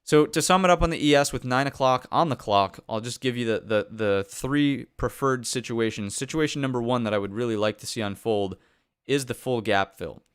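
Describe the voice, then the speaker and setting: A man's voice: medium pitch, fairly quick, smooth, no echo, studio quality. A man hosting a live pre-market trading stream, talking through charts in a conversational way and often checking in with "right?". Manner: conversational, thinks aloud with fillers and "right?". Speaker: market analyst host.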